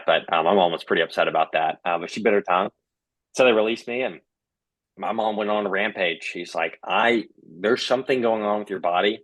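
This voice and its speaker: A man's voice: lowish voice, a little fast, a bit bright, no echo. A young man casually recounting a personal story, full of fillers and quoted back-and-forth. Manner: conversational, many fillers and quoted dialogue. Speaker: guest telling his story.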